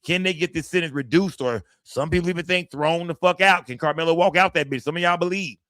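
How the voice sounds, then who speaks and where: A man's voice: a little high, quick pace, fairly bright tone, no echo, studio quality. A man hosting a livestream, giving blunt, profane commentary and talking straight to his chat. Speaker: livestream host.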